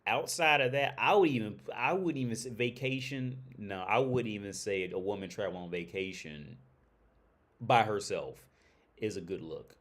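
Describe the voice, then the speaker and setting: A man's voice: lowish voice, moderate pace, fairly bright tone. A man hosting a livestream, talking bluntly and profanely in a rambling, casual way, often restarting sentences. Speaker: livestream host.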